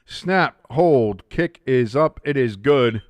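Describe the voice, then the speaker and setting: An excitable man hosting a casual live sports watch-along, his voice swinging widely up and down in pitch as he reacts and reads out viewer comments. The sound is close and dry, with no room echo. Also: slow pace. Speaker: live stream host.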